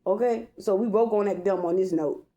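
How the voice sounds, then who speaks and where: A woman's voice: mid-range voice, brisk, mellow, muffled recording. A woman speaking bluntly in a personal monologue, with profanity and slang.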